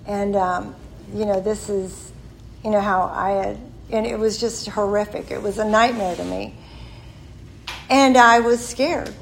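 A woman's voice: mid-range voice, fairly even intonation, a little slow, creaky, a little hiss or hum, poor audio. A woman in her sixties giving a candid, self-deprecating personal testimony at a recovery meeting. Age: 60s. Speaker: member sharing at a recovery meeting.

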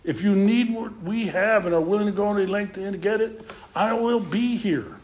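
A middle-aged man sharing his own story at a recovery meeting. He talks emphatically, swings from loud to hushed, and keeps saying "you know.". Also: high voice, normal speed. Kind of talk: personal testimony talk. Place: meeting room.

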